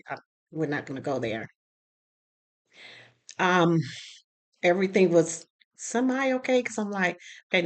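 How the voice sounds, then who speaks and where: Chatty woman telling a personal story. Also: on the low side. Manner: animated, acts out other people's lines; chatty, with frequent fillers and asides. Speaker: storyteller sharing a personal experience. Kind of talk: casual storytelling to camera.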